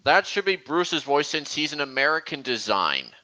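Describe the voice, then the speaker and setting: A young man hosting a casual livestream. His voice is bright and a bit high. He rambles and halts, filling gaps with ums and likes. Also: big pitch swings, low-quality recording. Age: young adult. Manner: rambling, halting, with many fillers. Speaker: livestream host. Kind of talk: casual chat.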